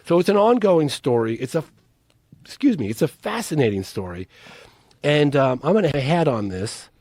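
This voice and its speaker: A man's voice: a little high, very animated, normal speed, a little mellow, no room sound. A man, a documentary filmmaker, talking as a podcast guest in an earnest, urgent way and pressing his case. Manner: earnest, urgent, pleading appeals. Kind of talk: casual interview talk.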